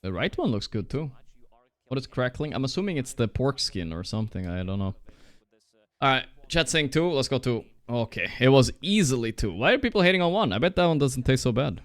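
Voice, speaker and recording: A young man streams live, chatting casually as he plays a guessing game, reacting loudly and swearing often. His mid-range voice swings widely in pitch and runs a little fast, with no room sound.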